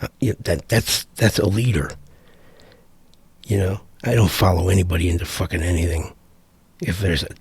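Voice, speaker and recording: A man's voice: deep voice, moderate pace, gravelly, long pauses, darkish tone, slightly rough, no echo. A middle-aged man giving a profane, exasperated vlog rant, rambling with frequent restarts. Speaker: vlogger. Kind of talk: ranting commentary vlog.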